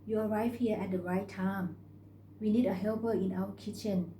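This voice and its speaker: A woman's voice: medium pitch, fairly even intonation, moderate pace, warm tone, a little hiss or hum, lightly acted. A woman voicing a stout middle-aged woman who runs a restaurant kitchen, blunt and motherly. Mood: brisk. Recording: roomy recording.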